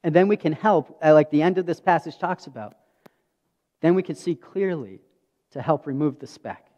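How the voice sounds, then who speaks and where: High-voiced man preaching in a reverberant hall. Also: moderate pace, darkish tone. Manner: earnest storytelling, acting out dialogue. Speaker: pastor. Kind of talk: sermon. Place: church sanctuary. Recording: dull audio with long hall reverb.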